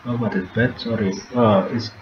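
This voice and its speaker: Guy doing casual let's-play chat, swears a lot, low voice, lo-fi noisy mic. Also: fairly even intonation, moderate pace, reverberant. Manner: chatty, swears and laughs at the game. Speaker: gameplay streamer. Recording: dull lo-fi sound with noticeable background noise.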